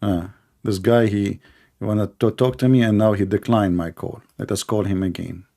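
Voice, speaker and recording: A man's voice: fairly low pitch, steady tone, normal speed, gravelly, mellow. A man hosting a confrontational call-in debate, speaking in a sarcastic, taunting way. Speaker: debate show host.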